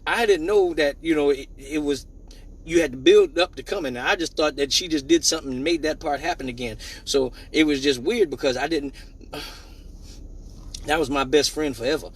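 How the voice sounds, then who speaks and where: A man hosting a live show, telling a personal story in a casual, animated way, swearing freely and acting out the dialogue. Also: on the high side, normal speed, breathy edge.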